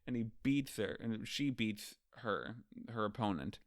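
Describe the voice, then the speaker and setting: A man's voice: fairly low pitch, lively intonation, unhurried, no echo, clean studio sound. A man hosting a casual manga ranking show, recapping chapters in a loose, profane, chatty way and acting out the characters' lines.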